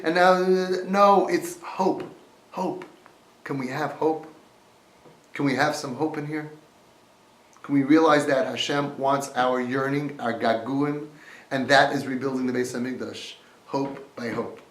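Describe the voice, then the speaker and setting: A man's voice: on the high side, normal speed. Impassioned man teaching Torah, roomy echo. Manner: impassioned, quoting Hebrew texts and translating them. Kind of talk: inspirational Torah talk.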